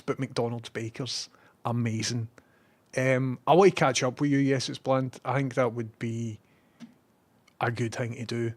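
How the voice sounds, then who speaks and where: A man with a Scottish accent, a live streamer telling a rambling story and reading out viewer messages. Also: mid-range voice.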